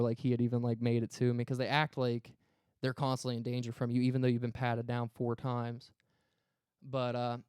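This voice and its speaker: Man telling a story with a mellow voice. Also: medium pitch, clear, resonant tone, no room sound, clean studio sound. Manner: profane, animated retelling with quoted dialogue. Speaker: podcast co-host. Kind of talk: casual storytelling.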